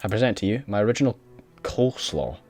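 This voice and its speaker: A man voicing an older fried-chicken colonel from a video game, in a smooth, mannered and gently formal way. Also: fairly low pitch, expressive, quick pace, lightly acted. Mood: proud.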